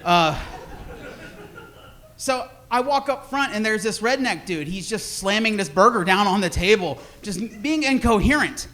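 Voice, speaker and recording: A man's voice: sits high, animated, measured pace, sharp tone. A man in his forties telling rambling, self-deprecating stories in a stand-up set on a comedy club stage, with audience laughter behind him.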